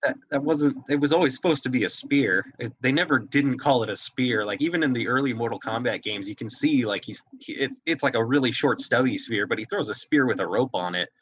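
A man's voice: mid-range voice, brisk, few pauses, a bit bright, breathy edge. A man hosting a podcast, chatting casually and rambling as he corrects himself mid-thought. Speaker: podcast host. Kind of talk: casual chat.

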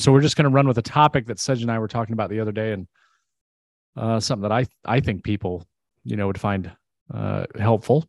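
A man's voice: on the low side, dry recording. A man co-hosting a casual podcast, rambling with lots of fillers and restarts. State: out of breath. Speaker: podcast co-host. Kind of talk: casual chat.

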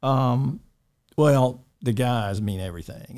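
Older man, mellow and rambling. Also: lowish voice, normal speed. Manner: rambling, warm-hearted, with many restarts and chuckles. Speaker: school dean interviewed by students. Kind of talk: casual interview chat.

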